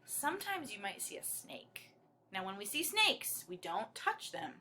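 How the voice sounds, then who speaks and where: A woman's voice: on the high side, very animated, measured pace, bright, forceful tone, slight background noise. A woman leading young children through a dance song, talking in a cheerful, encouraging way. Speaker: children's movement teacher. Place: at home. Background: acoustic guitar.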